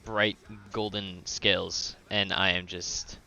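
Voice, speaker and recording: A man playing a tabletop role-playing game, playful and quick to laugh. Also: low voice, flat delivery, vocal fry, bright, forceful tone, no room sound, soft background music. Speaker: player. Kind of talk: casual tabletop role-play.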